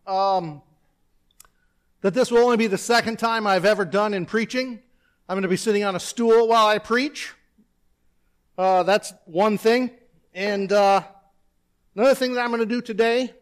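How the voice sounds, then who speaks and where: A man's voice: sits high, clear, resonant tone. A man preaching a sermon from a church pulpit, seated, easing in with self-deprecating stories and chatty asides. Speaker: pastor. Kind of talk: sermon with personal anecdote.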